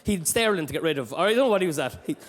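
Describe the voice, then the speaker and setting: A man from Dundalk with an Irish accent doing a stand-up routine, animated and sweary, with shouty bursts, recorded live in a club. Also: a little high, racing. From Dundalk, Ireland. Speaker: stand-up comedian.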